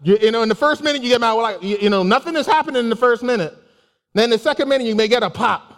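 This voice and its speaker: A man giving a casual, animated sermon with personal stories, laughing and exclaiming often. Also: extremely high pitch, fast talker. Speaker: preacher. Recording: long hall reverb.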